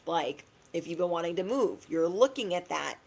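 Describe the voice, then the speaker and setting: A young woman giving a casual spiritual pep talk to her viewers, chatty and slangy, acting out quick asides. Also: lowish voice, expressive, gravelly, a little mellow, breathy edge. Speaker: spiritual reader.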